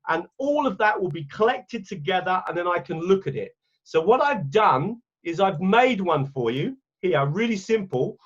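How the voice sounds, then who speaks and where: Clicking around his screen while he speaks, an English man presents a teacher training webinar on a video call, chatty and often correcting himself. His somewhat husky, high-for-a-man voice has lively intonation at a moderate pace, and the computer mic gives dull, lo-fi sound.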